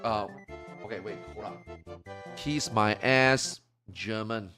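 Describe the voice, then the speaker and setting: A man streaming a game, muttering to himself and then breaking into loud, sweary rants, switching between English and Chinese. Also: slow pace, soft background music. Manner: swings from low muttering to loud angry outbursts, swearing. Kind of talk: casual live-stream talk.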